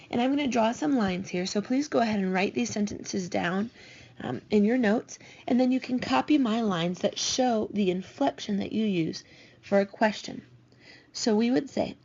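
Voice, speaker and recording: A woman teaching a recorded language lesson, patiently explaining and slowing down to spell out each example. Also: mid-range voice, gravelly, a little mellow, slightly rough. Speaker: Spanish teacher. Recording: dull lo-fi recording.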